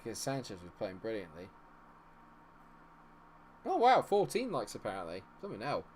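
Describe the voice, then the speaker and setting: A man streams a football management game, his low voice swinging widely as he reacts. He chats with viewers between excitable outbursts at the match, over faint background noise. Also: moderate pace. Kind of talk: live gaming commentary chatting with viewers.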